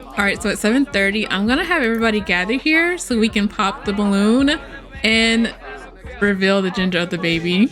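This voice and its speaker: A young woman hosting a casual gameplay commentary. She is chatty, calls her viewers y'all, laughs often, and breaks into excited squeals and playful exasperation. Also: medium pitch, brisk, faint music behind. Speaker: gameplay host.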